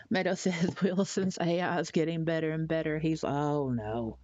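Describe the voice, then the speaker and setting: Slow, low woman streamer. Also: fairly even intonation, a little mellow, no room sound, lo-fi sound. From Tennessee, USA. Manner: chatty and rambling, reads chat aloud, halting with fillers. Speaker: live streamer. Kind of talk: casual live-stream chat.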